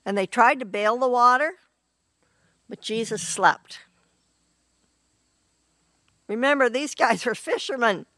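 Woman, sermon, earnest, clears throat often, very slow delivery, slightly high voice. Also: pushed and bright, no echo. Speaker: preacher.

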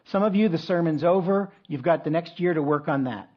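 A man's voice: on the high side, a little fast. A middle-aged man preaching a conversational sermon, with frequent restarts and asides. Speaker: pastor. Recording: dull lo-fi sound.

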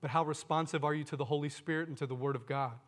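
A man's voice: fairly high pitch, steady tone, very fast, in a large hall. A man preaching a sermon to his congregation, earnest, often asking them questions and calling them "folks". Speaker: pastor.

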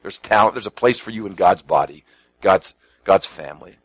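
A man delivers a sermon in a fairly low, unhurried voice. He talks conversationally, repeats himself, and quotes scripture, sometimes softening to a hush and sometimes leaning into words with emphasis. The sound is dry and close, with no room echo. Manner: shifts from soft near-whispers to emphatic lines. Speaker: pastor.

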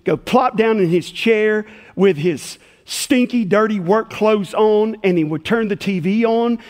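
Man, pastor, sermon, animated storyteller, very high voice, long church reverb. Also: unhurried. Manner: animated storyteller, acts out voices in his tale. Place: church sanctuary.

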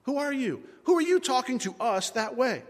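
A man's voice: very high-pitched, big pitch swings, normal speed, pitched above the performer's own voice, full character voice. A man voicing a furious, freshly woken army captain who fires off stammering, indignant questions. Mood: furious shouting. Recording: long hall reverb.

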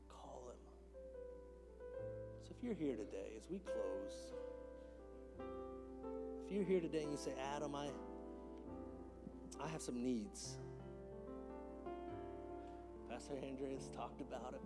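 A man preaching a sermon as a pastor in a church, moving between hushed whispers and loud, impassioned calls. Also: mid-range voice, animated, measured pace, long pauses, over loud music. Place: church sanctuary.

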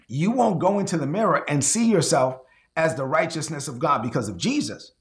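Lively high-pitched preacher with gravelly edge. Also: male voice. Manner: animated, acts out quoted voices, repeats words. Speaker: pastor. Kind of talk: sermon.

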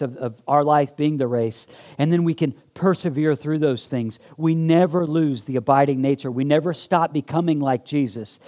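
Fervent male preacher, slightly high voice. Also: mellow. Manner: emphatic, building to fervent repetition; leads call-and-response. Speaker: pastor. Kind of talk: sermon.

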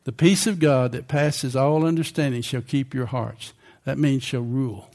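A man's voice: mid-range voice, steady tone, moderate pace, darkish tone. An older man preaching a sermon in a conversational way, often asking the congregation questions.

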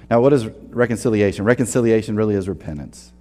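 Warm-voiced man preaching conversationally. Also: on the low side, fast, hardly any pauses, big-room sound. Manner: casual and earnest, acts out quotes, frequent restarts. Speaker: pastor. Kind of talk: conversational sermon.

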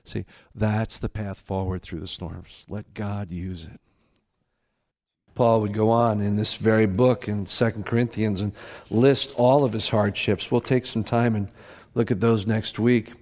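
A man preaching a sermon as a pastor, earnest and emphatic, sometimes softening to a hushed voice. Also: fairly low pitch, fairly even intonation, measured pace.

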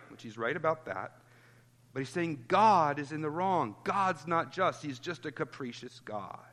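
A man's voice: fairly high pitch, fairly bright tone, in a large hall. A pastor giving an earnest expository sermon, citing chapter and verse as he goes.

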